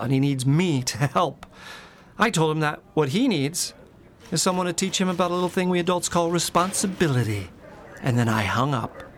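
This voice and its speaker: Prissy indignant man, shrill outbursts. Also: slight background noise. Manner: self-righteous, prissy and indignant, erupting into shrill high-pitched rants. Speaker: comedic monologue character. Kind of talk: scripted comic monologue to a police officer.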